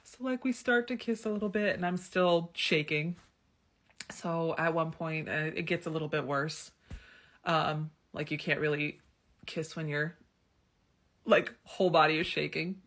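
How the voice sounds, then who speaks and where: Speaking at a measured pace in a low, steady, somewhat bright voice, a thirty-something vlogger recounts a personal story. She's chatty and open, leaning heavily on fillers such as "um" and "like."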